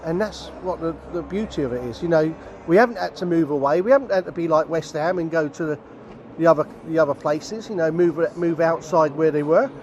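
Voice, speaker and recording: Former-player guest, blunt, high-pitched, faint street noise. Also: male voice, brisk, darkish tone, muffled recording. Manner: blunt, plain-spoken. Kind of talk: casual interview. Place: outdoors at a stadium.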